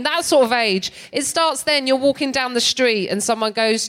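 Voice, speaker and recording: A woman in middle age doing stand-up on a big theatre stage. Her delivery is sardonic and lively, and she laughs between lines as she tells her story into a stage microphone. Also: sits high, normal speed, few pauses. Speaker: comedian.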